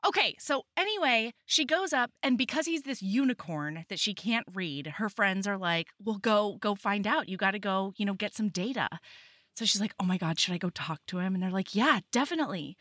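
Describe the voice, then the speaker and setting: This is a young woman co-hosting a podcast in easy, animated conversation. Her voice is bright and fairly high, swinging widely in pitch as she gasps and giggles through a story. The sound is close and dry. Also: fairly quick, dry recording. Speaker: podcast co-host. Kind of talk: casual chat.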